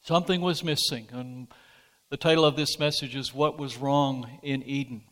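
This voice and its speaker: A pastor preaching a sermon, speaking slowly and deliberately and rising to emphatic peaks. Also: male voice, medium pitch, steady tone, a bit bright, long reverb tail.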